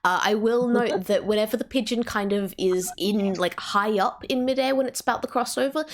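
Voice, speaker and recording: A woman's voice: medium pitch, moderate pace. Playful woman narrating as game master. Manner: playful, vivid description with laughter.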